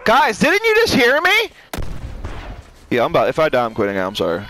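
A man's voice: a little high, huge pitch swings, brisk, bright, forceful tone, a little hiss or hum, low-quality recording. A young man giving crude, boastful, profane commentary while playing a game, often breaking into rapping. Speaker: gamer. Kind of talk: casual gameplay commentary.

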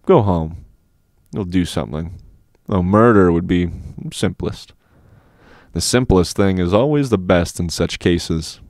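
A man voicing a self-assured older schoolboy who speaks softly and with measured calm. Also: low voice, no echo, clean studio sound. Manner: measured, soft, unhurried.

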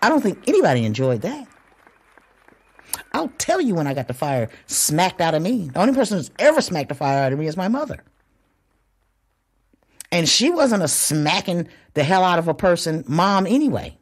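A woman hosting a podcast, talking bluntly in a casual, profane monologue that swings between loud and hushed. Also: lowish voice, very animated, moderate pace, pauses often, breathy edge. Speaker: podcast host.

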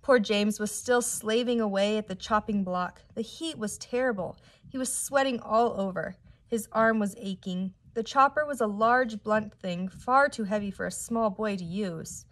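A woman teacher reading a children's book aloud with expressive, unhurried storytelling. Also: mid-range voice. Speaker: third-grade teacher.

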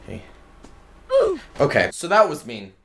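A man's voice: mid-range voice, big pitch swings, measured pace, background noise. A man voicing a flustered, newly divorced mother searching for her son, rambling and breaking into shrieks. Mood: frantic. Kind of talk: comedic role-play over gameplay. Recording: roomy sound with game music.

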